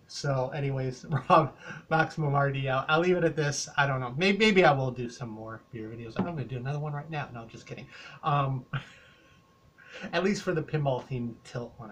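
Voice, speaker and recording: A man's voice: medium pitch, normal speed, a bit bright, slight background noise. An older man with a Canadian accent, talking through a casual rambling beer review, full of hesitations and fillers.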